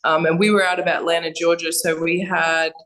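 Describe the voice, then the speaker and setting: A woman's voice: lowish voice, flat delivery, brisk, a bit bright, low-quality recording. A young Australian woman, a fighter, chatting as a podcast guest, blunt and laughing, swearing freely. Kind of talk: casual podcast chat. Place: Thailand.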